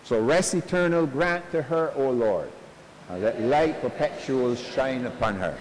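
A male pastor giving a funeral sermon in earnest, slow preaching sprinkled with homespun stories, recorded at a church service. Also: mid-range voice, animated, a little hiss or hum. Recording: long church reverb.

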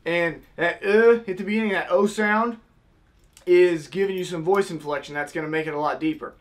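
A young man with a high voice walks listeners step by step through blowing a goose call, casually demonstrating with honking sounds he makes vocally. He speaks at a moderate pace over a slight hiss or hum.

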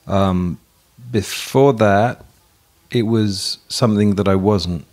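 A man in his fifties from England speaks in a very low voice. He talks reflectively and with hesitation, circling back and restarting his thoughts as a guest in an interview. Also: slow, darkish tone. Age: 50s. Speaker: therapist guest.

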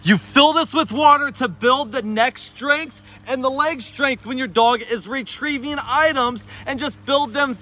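Upbeat man vlogging dog training outdoors, high bright voice. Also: unhurried, a little hiss or hum. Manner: cheerful, gives short sharp commands to his dog. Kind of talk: casual how-to vlog with dog training commands.

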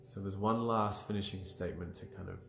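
A man leading a live emotional clearing session, guiding breathing and affirmations calmly, with frequent sighs. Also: low voice, a little fast. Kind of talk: guided healing session on a livestream. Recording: roomy with faint music.

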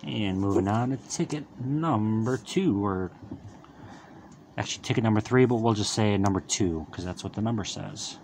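A man's voice: lowish voice, moderate pace, noisy background. A man hosting his own lottery channel, calling out each symbol with casual running commentary and upbeat wisecracks as he scratches tickets.

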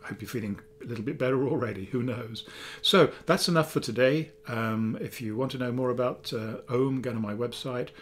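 A man, a therapist calmly teaching a self-help technique in a chatty video, with fillers, dropping softly for affirmations. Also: medium pitch, brisk, slight background noise. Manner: calm, chatty explaining with fillers, softening to near-whispers for affirmations. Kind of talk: talking-head teaching video.

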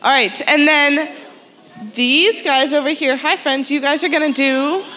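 A young woman leads a crowd through a chanted warm-up in an upbeat, encouraging way. Her voice sits high and sounds bright and clear. The sound rings through a large concert hall with faint music underneath. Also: fairly even intonation, measured pace. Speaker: chorus teacher. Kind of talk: leading an audience warm-up at a school concert. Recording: long hall reverb with music behind.

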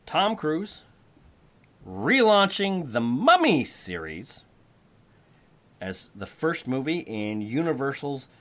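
Animated wry man hosting a podcast. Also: on the high side. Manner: animated, self-correcting, wry. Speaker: podcast host. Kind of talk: casual chat.

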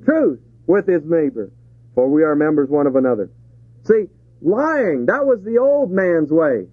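A man's voice: on the high side, very animated, a little slow, slightly rough, no room sound. A man preaching a sermon to a congregation, asking rhetorical questions and chuckling between points. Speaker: pastor. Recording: tinny phone-like 1970s tape.

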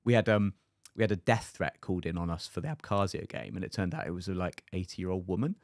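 A man, a podcast guest, telling a story in a lively, anecdotal way. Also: deep voice, fast talker. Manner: lively anecdotal, acts out other people's lines. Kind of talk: casual storytelling.

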